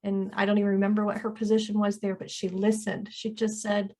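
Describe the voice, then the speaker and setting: A woman co-hosting a casual chat, sharing a personal memory in a gentle, earnest way. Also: mid-range voice, completely flat delivery, fairly quick. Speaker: co-host.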